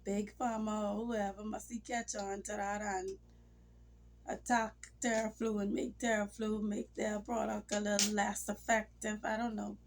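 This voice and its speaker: A woman's voice: medium pitch, flat delivery, measured pace, slight background noise. A woman talking casually to her camera in a rambling, emotional way. She has a cold and sometimes drops into near-whispers. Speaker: vlogger. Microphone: phone or camera mic.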